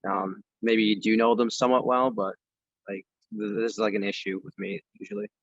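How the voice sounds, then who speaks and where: A man attending a training session who asks a halting question over a video call. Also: fairly low pitch, fairly even intonation, dry recording, muffled recording. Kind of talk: hesitant question.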